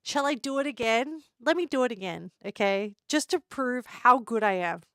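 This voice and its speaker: A woman's voice: fairly high pitch, lively intonation, normal speed, a bit bright, no room sound, studio quality. A woman live streamer chatting casually with her viewers, giggling a lot and playfully teasing them.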